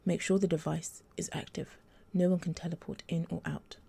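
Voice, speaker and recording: A woman voicing a cold, commanding male angel leader who gives clipped, hushed orders. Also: lowish voice, little pitch movement, moderate pace, gravelly, slightly rough.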